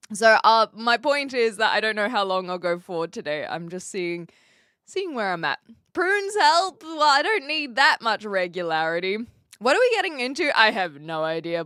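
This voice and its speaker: A woman's voice: mid-range voice, fairly bright tone, no echo, studio quality. A woman chatting casually on a live stream from an attic with brick walls, giggly and talkative as she reads chat aloud.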